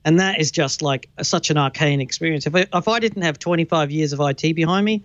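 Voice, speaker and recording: A man's voice: fairly high pitch, quick pace, a bit bright, no echo. Man from the uk on a remote call, blunt, kinda muffled and dry. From United Kingdom. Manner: blunt, explanatory. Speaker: guest panelist. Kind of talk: tech panel discussion.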